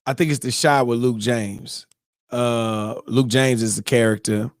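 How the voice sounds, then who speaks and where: A man hosting a morning show, telling a story in a lively, excitable way and acting out his own reactions. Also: medium pitch, measured pace, no echo, clean studio sound. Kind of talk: animated casual storytelling.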